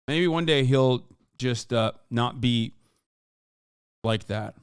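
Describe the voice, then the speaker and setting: A man's voice: medium pitch, slow pace, smooth, dry recording, clean studio sound. A man in his thirties streaming casual reaction commentary, rambling with many fillers and restarts, swearing and now and then bursting out in exasperation. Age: 30s.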